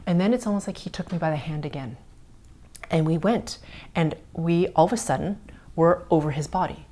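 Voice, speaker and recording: Podcast host, woman, middle-aged, low-pitched, earnest storyteller who slips into soft whispers. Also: fairly quick. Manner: earnest, drops to soft whispers at tender moments. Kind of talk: personal storytelling on a spiritual podcast.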